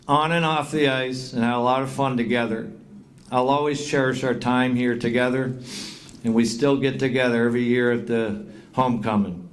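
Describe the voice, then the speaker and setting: A middle-aged man giving a heartfelt acceptance speech at a hall of fame induction, thanking people and reading out long lists of names. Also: mid-range voice. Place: induction banquet.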